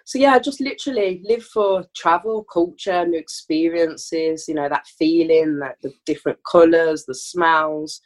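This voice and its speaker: A woman in her thirties with a Birmingham accent, a podcast guest telling her story in a reflective, measured way. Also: low voice. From England, Birmingham. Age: 30s. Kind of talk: casual chat.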